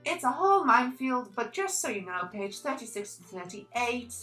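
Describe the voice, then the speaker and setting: A young woman chatting through a book review, her voice bright and forward with a lively, swooping pitch. She gushes and gets animated about favourite characters. Faint music sits under her talk. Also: moderate pace, low-quality recording. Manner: animated, gushing, reads quotes aloud. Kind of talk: casual book review vlog.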